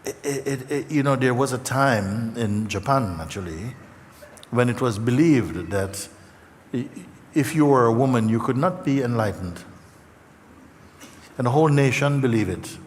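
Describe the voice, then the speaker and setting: A man giving a gentle spiritual talk to an audience, slow and halting, with many fillers and repeated words, emotional at times. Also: medium pitch, animated, slight background noise. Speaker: spiritual teacher. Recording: hall reverb, faint ambience.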